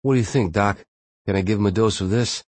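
A man's voice: fairly low pitch, fast, a little mellow, no room sound, close to an everyday voice. A man voicing an eager, concerned younger man in a noticeably raised voice.

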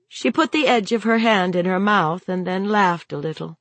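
Husky woman reading a novel aloud. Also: low voice, animated, moderate pace, few pauses, no room sound. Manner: dramatic, varied delivery. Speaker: audiobook narrator. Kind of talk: expressive novel narration.

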